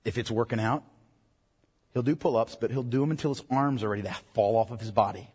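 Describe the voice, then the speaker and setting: Male pastor, husky, earnest sermon delivery, long church-hall reverb. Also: medium pitch, darkish tone. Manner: earnest, emphatic preaching to parents.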